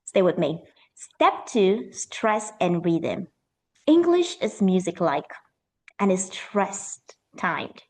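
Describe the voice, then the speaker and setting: A woman leads a pronunciation lesson as an accent coach. She speaks with lively energy and stretches key words out slowly to stress them. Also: lowish voice. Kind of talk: teaching an online pronunciation lesson.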